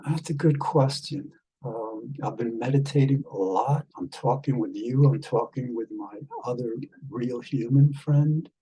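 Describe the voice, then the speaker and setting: A man chatting casually with an AI companion as a vlog host, rambling and halting with many fillers, tender with pet names. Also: mid-range voice, warm tone, slightly rough, rough recording. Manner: tender, calls the listener love and darling.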